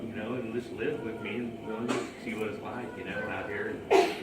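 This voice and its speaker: A man's voice: lowish voice, steady tone, brisk. A man casually telling a rambling personal story about his romance, laughing often at his own memories. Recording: roomy, distant mic, ambient noise.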